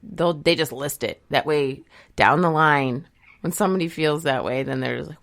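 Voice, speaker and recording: Low-voiced woman, easygoing chat. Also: moderate pace, gravelly. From Michigan, USA. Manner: easygoing, laughs along, short replies. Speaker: podcast co-host. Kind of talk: casual chat.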